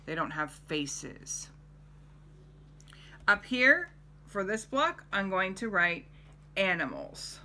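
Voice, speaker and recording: A middle-aged woman teaching a children's lesson, gently coaxing and asking the child questions. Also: medium pitch, sing-song, takes it slowly, pauses often, a little hiss or hum.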